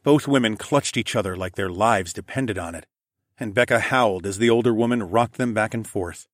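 A man narrating a first-person audiobook in a steady, measured way. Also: fairly low pitch, dry recording, clean studio sound.

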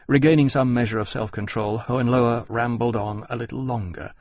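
Brief: male narrator, husky, mid-pitched, dry booth. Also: no echo. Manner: measured, steady storytelling. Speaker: audiobook narrator. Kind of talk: scripted narration.

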